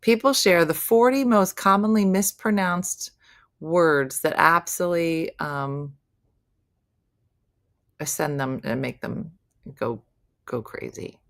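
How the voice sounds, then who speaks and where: A woman's voice: lowish voice, slow, creaky, pauses often. A woman hosting a comedy morning show, chatting playfully and joking about how people mispronounce words. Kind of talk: casual comedy chat.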